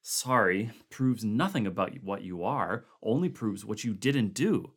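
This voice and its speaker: A man reading a steady, precise expedition man. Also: fairly low pitch, unhurried, husky, heavily acted. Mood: level. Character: calm, precise male expedition member.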